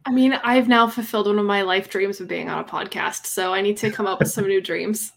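A woman's voice: medium pitch, steady tone, fairly quick, vocal fry. A woman from Washington, USA, a podcast guest chatting in a friendly, playful way and laughing easily. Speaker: podcast guest, mathematics professor. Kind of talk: casual chat.

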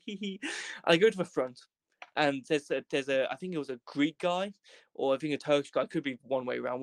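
A young man from Wales telling a comedic travel story as a podcast guest, animated, in quick bursts, swearing and acting out voices. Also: medium pitch, dry recording. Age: young adult.

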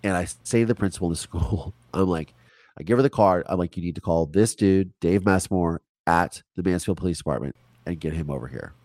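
Deep-voiced man telling his story. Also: brisk, no room sound. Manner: animated, quotes people in put-on voices, swears. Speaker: interview guest. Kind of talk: casual storytelling.

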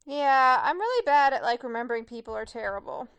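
High-voiced excitable woman chatting. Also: creaky, clear, resonant tone. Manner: excitable, chatty, quick asides. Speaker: podcast co-host. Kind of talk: casual movie watch-along chat.

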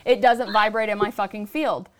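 A woman hosting a podcast who tells stories in a casual, profane, lively way. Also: mid-range voice, normal speed, a little hiss or hum. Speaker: podcast host.

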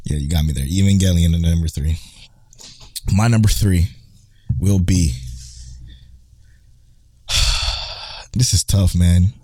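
Young guy hosting a chill podcast, deep voice, cusses a lot, trips over his words. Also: steady tone, slow, pauses often, darkish tone, no echo, clean studio sound. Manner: rambling, profane, self-correcting. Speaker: podcast host. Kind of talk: casual anime podcast chat.

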